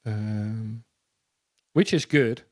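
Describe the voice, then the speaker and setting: A man sharing a personal testimony as a guest, halting and repeating words as he tells his story. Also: on the low side, a little mellow, no room sound.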